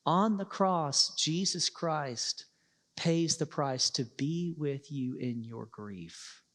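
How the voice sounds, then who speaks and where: A man's voice: a little high, fairly bright tone. Earnest male preacher in a reverberant hall. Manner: earnest, pauses for emphasis, rises to passionate peaks. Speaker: pastor. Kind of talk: sermon.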